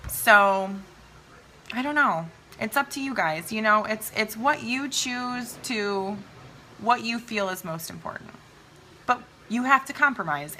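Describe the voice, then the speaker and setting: A woman's voice: a little high, pushed and bright, a little hiss or hum. A woman giving a chatty, emphatic motivational talk to her followers, often calling them "you guys".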